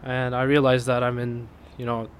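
A man's voice: moderate pace, a little hiss or hum. A man telling a funny personal story in a casual chat, breaking into laughter as it builds. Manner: laughs through the punchline, voice climbs high with excitement.

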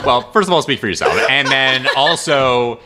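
A man's voice: mid-range voice, very animated, moderate pace, heavy background noise. A man co-hosting a podcast in casual chat, making wry, laughing asides. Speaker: podcast co-host.

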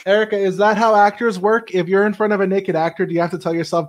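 A man's voice: high voice, steady tone, fast talker. A man co-hosting a casual movie podcast, joking and trading quips. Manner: jokey, puts on silly voices. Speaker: podcast co-host. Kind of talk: casual chat.

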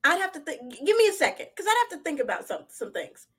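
A young woman co-hosting a podcast, chatting casually about celebrity gossip in an animated, slangy way and laughing often. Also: sits high, fast talker. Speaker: podcast co-host.

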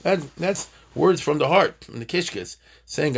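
A man's voice: fairly high pitch, lively intonation, measured pace, vocal fry. A man teaching an informal Torah class, chatty, with joking asides and Hebrew terms.

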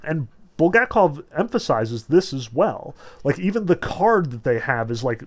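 A man's voice: on the high side, very animated, a little slow. A man giving a casual literature lecture in a loose, chatty way, full of "like" and "um". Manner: loose, filler-heavy, lots of "like" and "um".

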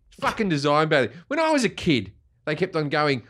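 Comedian host guy, slightly high voice, swears a lot, riffs and laughs. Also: wildly swooping pitch, brisk, fairly bright tone. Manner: profane, riffing, laughing. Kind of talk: casual comedic podcast chat.

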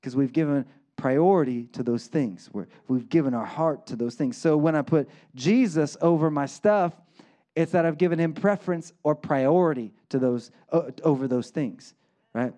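A man's voice: fairly high pitch, normal speed, warm tone. A male pastor giving a conversational sermon, often checking in with "right?" and acting out quotes.

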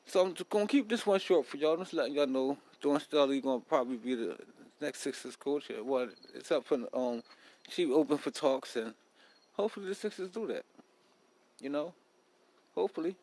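A man's voice: a little high, a little fast, a little mellow, poor audio. A man hosting a casual solo podcast, talking bluntly in a profane, rambling street style. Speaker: podcast host.

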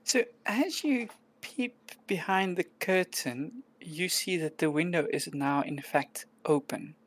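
A woman narrating as game master of a tabletop game, with calm, descriptive storytelling. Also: lowish voice, takes it slowly, no echo.

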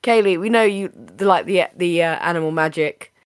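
A woman hosting a casual podcast, chatty and playful, her voice a little raspy today. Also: on the low side, a little fast, dry recording, studio quality. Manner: chatty, playful, laughs often. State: slightly raspy voice. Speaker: podcast host.

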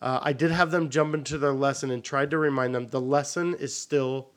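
A man who teaches, co-hosting a casual podcast and telling classroom stories with lively acted-out quotes. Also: mid-range voice, fairly quick. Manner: animated storyteller, acts out what students say.

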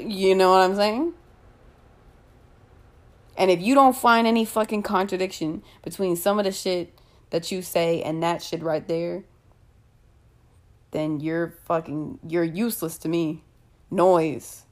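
A woman's voice: mid-range voice, fairly even intonation. Heated, profane woman ranting. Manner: heated, profane, rapid rhetorical questions. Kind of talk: angry rant to camera.

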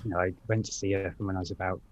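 A man co-hosting a podcast, telling measured anecdotes with pauses. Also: deep voice, level tone. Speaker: podcast co-host. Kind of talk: casual podcast chat.

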